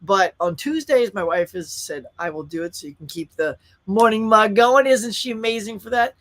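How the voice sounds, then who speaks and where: A man's voice: high voice, moderate pace, a bit bright. A man, hosting a live stream in casual, upbeat chat and reading viewer comments aloud. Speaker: livestream host.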